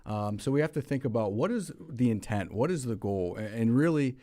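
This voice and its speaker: A man's voice: medium pitch, expressive, brisk, dark tone. A man hosting a casual business chat, speaking earnestly, with frequent restarts. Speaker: host.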